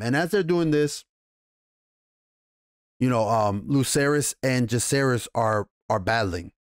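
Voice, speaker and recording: A man with a New York accent giving a casual, profane TV episode recap and review, animated and rambling, acting out the characters' lines as he goes. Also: mid-range voice, a little slow, pauses often, dry recording, clean studio sound. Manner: animated, profane, loose retelling with acted quotes. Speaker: TV show reviewer.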